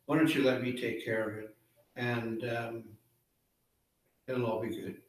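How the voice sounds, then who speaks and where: A sly male raven trickster who wheedles and flatters his cousin with easy friendliness, as a man puts him on. The voice sits at a middle pitch, picked up from well away from the mic in a strongly echoing room. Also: a little slow, close to an everyday voice. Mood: coaxing. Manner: coaxing, wheedling, overly friendly. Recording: echoey room, far from mic.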